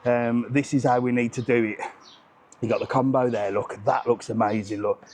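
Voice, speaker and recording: Upbeat vlogger host, mid-pitched man, walking and chatting on a street. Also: fairly even intonation, moderate pace, a little mellow, slight background noise. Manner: chatty, upbeat, greets passers-by. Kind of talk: live walking vlog chat. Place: outdoor seaside street.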